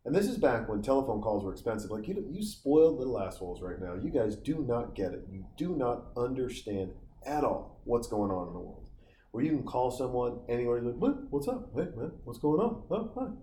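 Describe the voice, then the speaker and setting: A man's voice: medium pitch, animated, a little fast, mellow, slight background noise. Rambling, profane man in his forties. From Montana, USA. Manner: profane, tangent-prone storyteller. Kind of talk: casual rambling monologue. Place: outdoors on a summer vacation. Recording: roomy sound with faint ambience.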